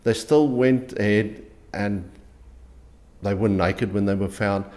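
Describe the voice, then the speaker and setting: Deep-voiced South African man. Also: a little mellow. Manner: earnest, halting, many restarts and repeated words. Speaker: interview guest. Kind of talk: conversational interview.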